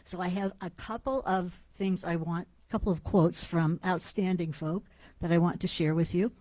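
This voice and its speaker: A woman practitioner opening a church service, calm and measured. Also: on the low side, no echo, low-quality recording.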